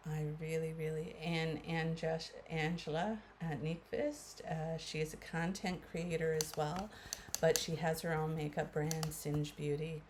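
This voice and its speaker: A woman's voice: low-pitched, level tone, measured pace, a little mellow, a little hiss or hum. A woman in her fifties with a Canadian accent, chatting casually to viewers through a makeup tutorial. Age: 50s. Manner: chatty, addresses viewers as guys, many fillers. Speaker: beauty vlogger.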